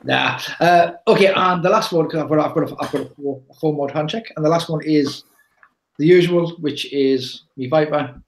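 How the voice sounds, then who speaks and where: A man's voice: on the high side, normal speed, echoey room, a little hiss or hum, rough recording. A man, rambling and hesitant in casual chat as a podcast co-host. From England.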